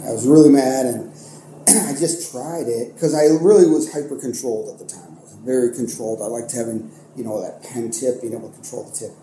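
A young man from Ohio in the United States, working as an art teacher and coach, talks fast at medium pitch while telling stories in a casual podcast interview. His delivery is animated and rambling, packed with fillers, restarts, and self-corrections. Echoey room, faint noise.

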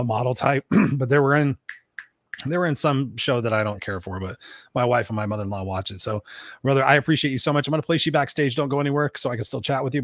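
A man's voice: medium pitch, dry recording, studio quality. A man hosting a live motivational talk show, speaking emphatically to his audience and swearing casually. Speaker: podcast host.

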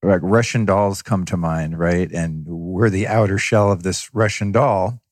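A man in his fifties hosts a casual podcast in a very deep voice. He talks in a reflective way and works through his ideas aloud with analogies. His voice sounds dry and close to the mic. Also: a little slow, no echo. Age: 50s. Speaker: podcast host.

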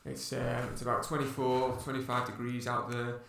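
Gravelly man in an echoey room. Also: medium pitch, completely flat delivery, moderate pace, a bit bright. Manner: rambling, with many restarts and fillers. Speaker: podcast co-host and runner. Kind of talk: casual storytelling chat. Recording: echoey room, distant mic.

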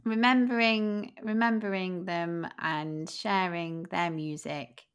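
A woman co-hosts a podcast in relaxed, chatty talk. She sounds a bit tired and scattered. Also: on the low side, slow pace, smooth. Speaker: podcast co-host. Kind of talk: casual chat.

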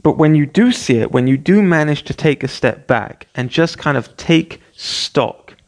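A man in his thirties hosting a podcast, telling a story casually and excitably acting out his own panic. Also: fairly high pitch, unhurried. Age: 30s. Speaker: podcast host.

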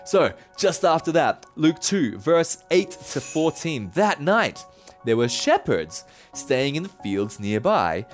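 A male pastor gives a sermon, retelling the story in a casual, playful way. His voice sits a little high and leaps up and down as he gets into it. Faint music plays softly behind him. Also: big pitch swings, slow.

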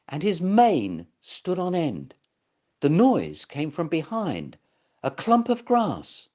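A gentle male storyteller reading a children's story aloud. He takes his time and his pitch rises and falls widely, making every sentence expressive.

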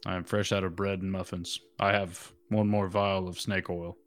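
A man's voice: low voice, flat delivery, normal speed, soft background music. A man playing a tabletop game, making dry jokes. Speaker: player.

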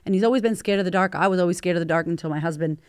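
A woman's voice: fairly low pitch, very fast, darkish tone, clean tone, dry recording, clean studio sound. A woman in her forties hosting a motivational podcast, talking bluntly and emphatically with plenty of swearing. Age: 40s. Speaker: podcast host.

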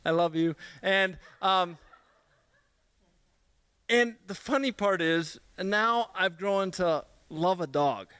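Young male speaker, bright crisp voice, dry close sound, animated storyteller. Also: sits high, takes it slowly, pauses often, no room sound. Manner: animated storyteller, self-mocking, many restarts. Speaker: speaker at a church gathering. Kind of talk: humorous personal story in a sermon.

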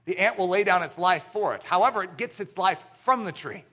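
Male pastor, 30s to 40s: bright, forceful, playful sermon delivery. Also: sits high, a little fast. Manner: animated, playful and emphatic. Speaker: preacher.

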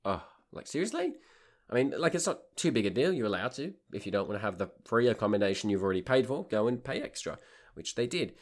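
A man, a tour leader and podcast host, telling a comic anecdote in a wry, exasperated and animated way. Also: fairly low pitch, fast talker.

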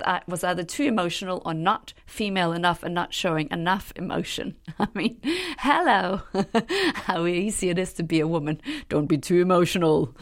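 A middle-aged woman hosting a solo podcast as a leadership coach, talking earnestly and passionately, with soft laughs and breathy asides. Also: on the low side. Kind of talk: reflective solo podcast talk.

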